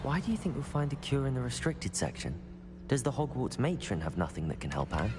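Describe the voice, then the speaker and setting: Man doing a curious young wizard kid, lively voice, reverby game audio with music. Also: medium pitch, fairly quick, noisy background, lightly acted. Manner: inquisitive, casting spells. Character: curious young male student wizard, player character. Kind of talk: video game dialogue.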